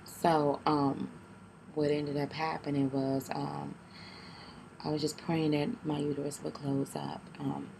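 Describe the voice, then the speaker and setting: A young woman tells a painful personal story to her camera, in a low, gravelly voice that barely rises or falls. She speaks haltingly and tearfully, restarting often and keeping her voice down. Clear noise runs behind her recording. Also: level tone. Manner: keeps her voice down. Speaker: vlogger.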